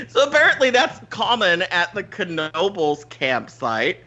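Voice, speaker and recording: A podcast host telling a story in casual chat, animated, swearing freely and laughing often. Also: male voice, high voice, a little slow, highs cut off.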